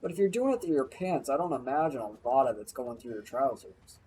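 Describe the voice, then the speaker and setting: A man's voice: medium pitch, expressive, brisk, dark tone, a little hiss or hum, low-quality recording. A man streaming a game, chatting casually in a crude, rambling way and swearing often. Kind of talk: casual gameplay banter.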